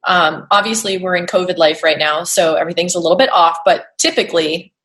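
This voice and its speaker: A woman co-hosting a podcast who reads a sponsor spot and tells stories in a sympathetic, expressive way. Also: on the low side, a little fast. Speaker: podcast co-host. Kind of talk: casual interview chat and sponsor read.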